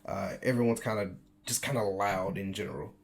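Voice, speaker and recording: A man's voice: fairly low pitch, steady tone, a little fast, vocal fry. An American man in his twenties telling his own story in a casual vlog, chatty, laughing often and restarting his sentences. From United States. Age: 20s. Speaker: vlogger.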